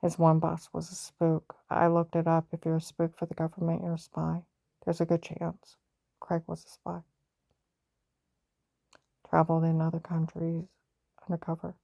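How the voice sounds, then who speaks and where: Low, mellow-voiced woman ranting. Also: monotone, normal speed, creaky, long pauses, no echo, clean studio sound. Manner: emphatic, repetitive, rambling. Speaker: vlogger. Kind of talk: agitated personal rant.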